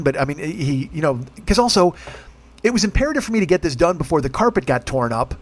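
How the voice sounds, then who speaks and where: A male podcast host, a little high-pitched and very animated, rattles off a long, rambling story at a fast clip. His language is casual and profane, and he keeps restarting and sounding exasperated.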